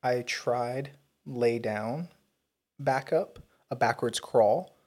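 A man's voice: mid-range voice, very slow, a little mellow. A man co-hosting a podcast, chatting in a laid-back way and swearing casually. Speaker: podcast co-host. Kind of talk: casual chat.

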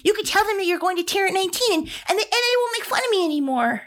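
A woman's voice: extremely high pitch, lively intonation, rapid-fire, a bit bright, voice pushed up. A woman voicing a nervous, clumsy young male mechanic who stammers and is eager to please. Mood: anxious.

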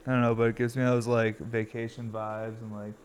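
A man in his thirties, tired and a bit raspy, rambling casually and swearing freely as he hosts a podcast from his glass studio. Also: medium pitch, little pitch movement, brisk, a little hiss or hum. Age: 30s. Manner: rambling, profane, laid-back.

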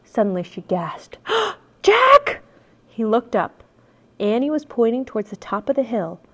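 Woman reading a children's book aloud, expressive, lively, high-ish voice. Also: normal speed. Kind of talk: storybook read-aloud.

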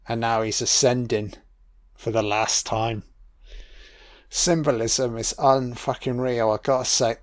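A man talks through a film in an unhurried, drawn-out way, pausing often to think. His delivery is loose and profane, like casual chatter as the scenes roll by, with his voice sitting at an ordinary pitch. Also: steady tone. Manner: musing, profane, thinks aloud with fillers. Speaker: film commentator. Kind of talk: casual audio commentary.

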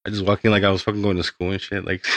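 A man's voice: sits low, flat delivery, racing, a bit bright, no room sound. A young man, a podcast guest, telling his story in a rambling, casual way with lots of swearing.

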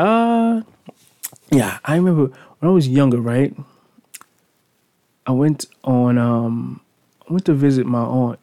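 A man's voice: mid-range voice, mellow. A man in his thirties hosting his own podcast alone on a studio mic, rambling and self-mocking, swearing freely. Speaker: podcast host. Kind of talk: casual solo podcast monologue.

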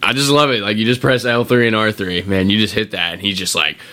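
A man hosting a podcast, swearing and laughing often as he retells a video game story, acting out characters' lines in quick voices. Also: lowish voice, steady tone, pushed and bright. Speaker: podcast host.

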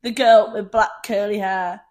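A woman's voice: mid-range voice, steady tone, moderate pace, darkish tone. A young woman co-hosting a podcast, chatty and giggly, often quoting people in mock voices. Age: young adult. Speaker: podcast co-host. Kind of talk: casual chat.

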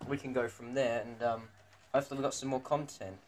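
A man's voice: medium pitch, fairly even intonation, quick pace. A teenage boy co-hosting a casual podcast, talking in a rambling way with many fillers and restarts. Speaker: podcast co-host. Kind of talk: casual podcast chat among students. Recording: faint background noise.

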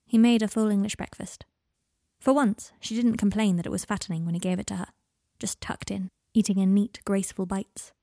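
A woman narrating a story in a calm, measured reading voice. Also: mid-range voice, no room sound, studio quality. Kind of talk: audiobook narration of fan fiction.

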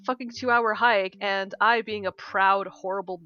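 A young woman co-hosting a podcast, telling a story in a casual, animated way, swearing often and acting out what people said. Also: medium pitch, moderate pace, no echo. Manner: animated storyteller, swears a lot, acts out quotes. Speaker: podcast co-host. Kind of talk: casual chat. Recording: dull lo-fi sound.

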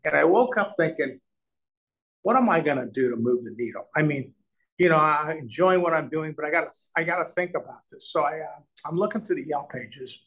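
Older man, guest storyteller, lively swooping voice, slightly high. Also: fairly quick, slightly rough, low-quality recording. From Omaha. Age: 60s. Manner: animated storyteller, acts out quoted dialogue. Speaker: real estate developer, guest. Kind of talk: storytelling interview.

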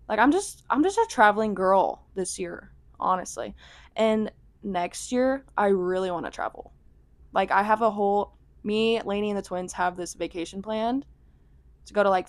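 A woman's voice: mid-range voice, dry recording. A young woman telling a rambling vlog story in a chatty, casual way, full of "like". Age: young adult. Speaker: vlogger.

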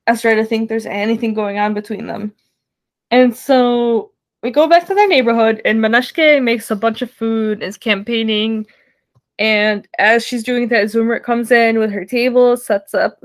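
A young woman co-hosting a podcast, giggling as she recaps a show in casual chat and acts out the characters' lines. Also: fairly high pitch. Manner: giggly, animated storytelling with acted quotes. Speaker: podcast co-host.

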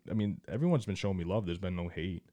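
Deep-voiced young man, laid-back. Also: fast talker, dark tone. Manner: laid-back, laughing often, swearing freely. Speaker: podcast co-host. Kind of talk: casual chat.

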